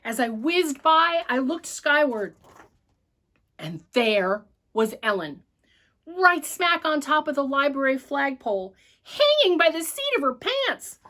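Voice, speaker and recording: Woman, church storyteller, expressive reading, fairly high voice. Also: unhurried. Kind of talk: children's story read aloud.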